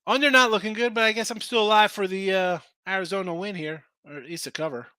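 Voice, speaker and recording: A man's voice: high-pitched, quick pace, sharp tone, clear, resonant tone, no echo. A man hosting a live sports betting show, tired and losing his voice, chatting casually about point spreads and answering viewers in the chat.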